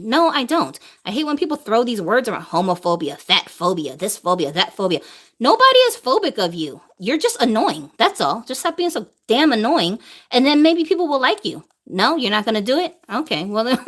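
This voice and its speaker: A woman in her thirties, a doll collector answering questions in a blunt, animated, opinionated live monologue. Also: medium pitch, moderate pace.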